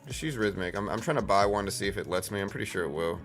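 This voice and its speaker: A man hosts a live trading stream, talking loosely and filling gaps with "like" and "you know." His voice sits very low. Faint music plays behind him. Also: very fast, gravelly, a bit bright. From South Louisiana. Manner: rambling, filler-heavy, calls viewers bro and dude. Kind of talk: casual live-stream chat.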